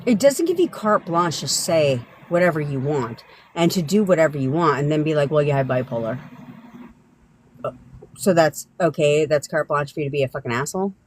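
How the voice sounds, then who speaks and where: A woman's voice: deep voice, lively intonation, brisk, slight background noise. Blunt, profane woman ranting on a livestream. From Southern California. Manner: blunt, profane, laughing often. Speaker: manifestation coach. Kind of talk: live-stream rant.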